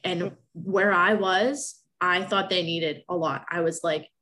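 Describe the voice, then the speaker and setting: A woman's voice: lowish voice, steady tone, takes it slowly, bright, forceful tone. A young woman telling a personal story in casual talk, emotional and rambling, with many restarts.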